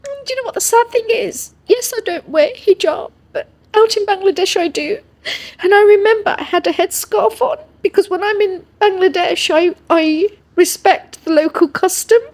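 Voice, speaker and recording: English woman on a podcast, pretty high voice, earnest, keeps going "yeah?". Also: moderate pace, darkish tone. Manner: earnest, checks in with "yeah?" tags. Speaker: interview guest. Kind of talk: emotional personal storytelling.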